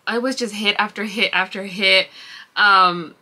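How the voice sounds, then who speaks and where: Bright-voiced woman gushing about books. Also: medium pitch, normal speed. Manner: gushing, swears a lot, fillers like "like". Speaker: book vlogger. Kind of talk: casual reading vlog chat.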